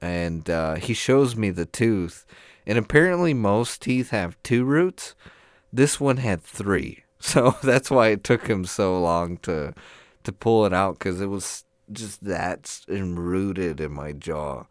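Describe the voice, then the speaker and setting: A man's voice: low-pitched, animated, slow, dry recording, clean studio sound. A man on a podcast telling a long, rambling story full of laughs while his jaw is sore from recent tooth surgery. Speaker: podcast co-host. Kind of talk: casual chat.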